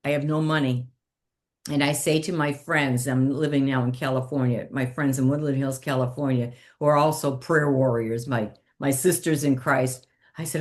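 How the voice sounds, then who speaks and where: A woman's voice: low voice, normal speed. A middle-aged woman, a comedic impressionist, telling stories animatedly in an interview and laughing often. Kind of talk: chatty interview storytelling.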